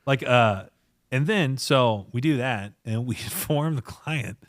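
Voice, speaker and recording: A man's voice: medium pitch, unhurried, dry recording, studio quality. A man hosting a podcast, telling stories in a casual chat with lots of laughter and acted-out voices of the people in them. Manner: animated, laughs often, acts out quoted people in a raised voice. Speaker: podcast host, company founder.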